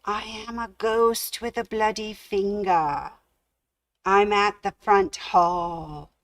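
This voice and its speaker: A woman's voice: medium pitch, fairly even intonation, slow, dry recording. A woman putting on a moaning ghost. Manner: moaning, growing louder with each repeat. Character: moaning male ghost drawing ever closer.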